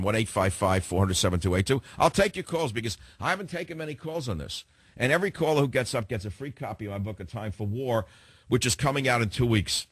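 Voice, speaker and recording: A man with a New York accent hosting a talk radio show, delivering a fast, combative opinion monologue with lots of repetition. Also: medium pitch, a bit bright, no room sound.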